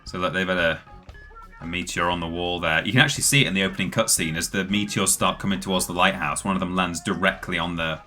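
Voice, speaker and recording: A male livestream host gives casual, chatty commentary on his game, full of self-amused asides. His voice is deep with a bright, forceful edge. Faint game music plays in the background. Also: fast talker. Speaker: streamer host.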